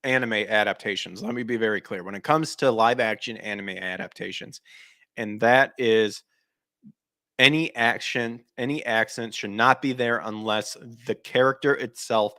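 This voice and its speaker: A man's voice: fairly low pitch, moderate pace, bright, forceful tone, dry recording, clean studio sound. A man hosting a podcast, ranting casually and bluntly, swearing often and restarting sentences as he goes. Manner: blunt, frequently swearing, emphatic; restarts and trails off mid-sentence. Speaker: podcast host. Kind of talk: casual opinion rant.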